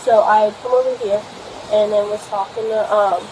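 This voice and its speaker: A young woman tells police about a fight in a rambling, swear-filled way, her talk full of fillers. Her voice sits at an ordinary pitch for a woman. She is caught on a body camera at a house, with faint background noise. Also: fairly even intonation, moderate pace, a little mellow, rough recording. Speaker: complainant speaking to police. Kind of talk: rambling account of a domestic fight.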